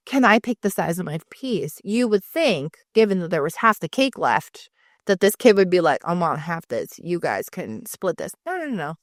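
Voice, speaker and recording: A woman co-hosting a podcast in casual chat, telling stories lively and acting out the people she quotes. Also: lowish voice, normal speed, dry recording, studio quality. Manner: animated storyteller, acts out quoted people. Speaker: podcast co-host.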